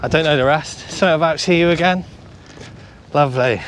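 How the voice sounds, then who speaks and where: A British man giving chatty running commentary to viewers while fishing on a beach, excitable and talkative. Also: fairly high pitch, fairly quick, slight background noise. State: out of breath. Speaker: fishing vlogger and coach. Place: outdoors on a beach. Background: faint outdoor ambience.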